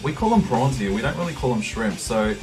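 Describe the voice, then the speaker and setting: A man's voice: medium pitch, animated, fairly quick, music in the background. A young man with an Australian accent, chatting casually to camera about his travels and laughing at his own stories. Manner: chatty, laughing, acts out quotes. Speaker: vlogger.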